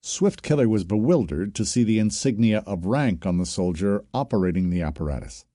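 A man narrating a science-fiction story as an audiobook, telling it steadily with expressive shifts. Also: lowish voice, a little fast, dry recording, studio quality.

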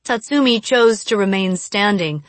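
A woman's voice: mid-range voice, animated, measured pace, no room sound. Woman narrating an audiobook, dry sound. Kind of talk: scripted first-person narration.

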